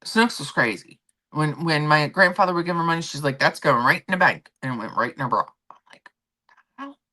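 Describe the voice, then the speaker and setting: Middle-aged female stream host, low voice, very animated pitch, chatty storyteller. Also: brisk. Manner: chatty storyteller acting out quotes. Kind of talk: casual chat.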